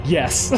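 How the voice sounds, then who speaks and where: A man hosting a casual let's play chat, excitable, laughing often and swearing casually. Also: extremely high pitch. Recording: music playing underneath.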